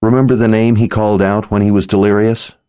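A man's voice: lowish voice, flat delivery, quick pace, dark tone, smooth, no echo, studio quality, voice pushed up, close to an everyday voice. A man doing a wry, teasing female bodyguard.

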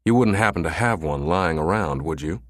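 A man's voice: low voice, lively intonation, moderate pace, no echo, studio quality, pitched below the performer's own voice. A man reading the part of a stern, weary male agency director who speaks curtly. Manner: curt, declaring, moaning.

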